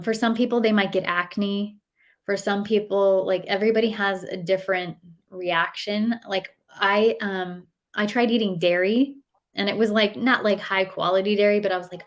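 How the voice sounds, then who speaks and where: A woman in her thirties, a nutritionist guest, chatting casually and telling stories with many fillers and acted-out quotes. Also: medium pitch. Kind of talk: casual interview chat.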